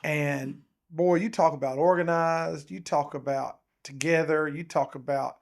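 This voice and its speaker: Gravelly, animated podcast man. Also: a little high, unhurried. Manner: animated, rambling, says "dude" and "um" often. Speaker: podcast co-host. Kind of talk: casual chat.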